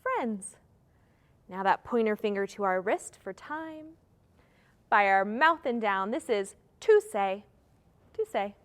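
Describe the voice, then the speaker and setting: A woman's voice: mid-range voice, very animated, slow pace, pauses often. A young woman leading a live children's story time, talking in a singsong, encouraging way to young children.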